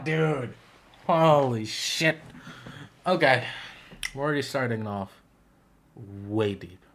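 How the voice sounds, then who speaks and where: A man hosting a reaction video, talking to the camera into a microphone in an earnest, reflective way that often searches for words. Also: on the low side. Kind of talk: casual earnest reaction talk.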